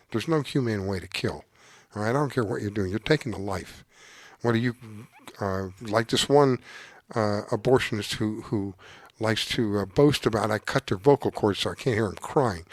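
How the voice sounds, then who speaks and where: Impassioned man with lively swinging pitch. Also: dry recording. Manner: earnest, preachy, emotionally worked up. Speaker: show host. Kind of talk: impassioned political commentary. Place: home desk with dog underneath.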